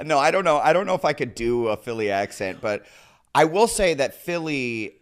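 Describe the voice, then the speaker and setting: A middle-aged man from Nebraska chats casually as a podcast guest, and his pitch swings widely as he talks. He keeps slipping into the voices of the people in his stories. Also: very animated, moderate pace. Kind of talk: casual chat.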